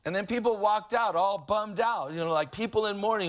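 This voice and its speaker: A man's voice: high-pitched, very animated, normal speed, hardly any pauses, a bit bright. Man preaching a casual, storytelling sermon. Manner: conversational preaching with humorous anecdotes. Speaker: pastor.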